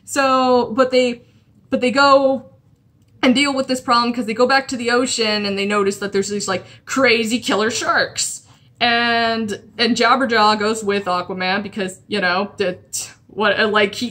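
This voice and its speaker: Bright-voiced, chatty woman vlogger. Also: mid-range voice, steady tone, moderate pace. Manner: chatty and rambling, lots of fillers and restarts. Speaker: comic art vlogger. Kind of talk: casual commentary while drawing.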